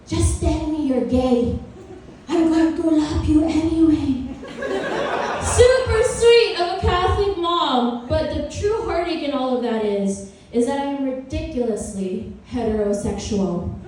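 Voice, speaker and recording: A young woman in her twenties doing a stand-up comedy set, with a playful, self-mocking, chatty manner. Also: sits high. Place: comedy club with live audience. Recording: roomy, distant live club recording.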